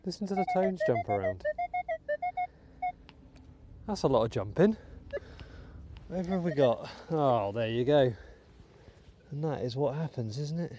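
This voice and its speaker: His fairly high-pitched voice is animated yet dark in tone, at a measured pace with frequent pauses, as this British host from the United Kingdom digs in a wet field outdoors. He chats casually to viewers of his metal detecting vlog with muttered asides. Soft background music plays.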